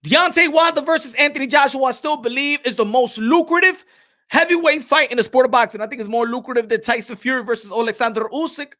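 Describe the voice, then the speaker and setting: High, bright-voiced hyped boxing host. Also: male voice. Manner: hyped, talks to chat, drawn-out emphasis. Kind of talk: animated boxing commentary chat.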